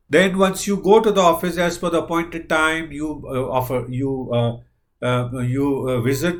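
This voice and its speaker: A man giving an earnest recorded business lecture, pausing on frequent fillers and acting out sample dialogue. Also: mid-range voice. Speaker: business trainer.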